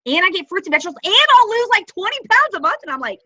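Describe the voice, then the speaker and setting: A woman talking through a casual team training, bubbly and animated, acting out chats in high voices. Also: very fast, dry recording, low-quality recording. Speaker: network marketing team member.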